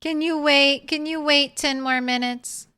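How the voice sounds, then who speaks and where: A woman's voice: high voice, fairly even intonation, unhurried, pushed and bright. A young woman streaming a video game, chatting casually with viewers and talking sweetly to her cat. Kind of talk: casual live-stream chat.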